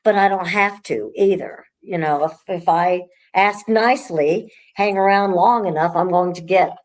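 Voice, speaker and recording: A woman with a lowish voice talking casually about the house she owns. Her delivery is relaxed and rambling, full of restarts and self-corrections. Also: moderate pace. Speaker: haunted house owner. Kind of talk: casual conversation.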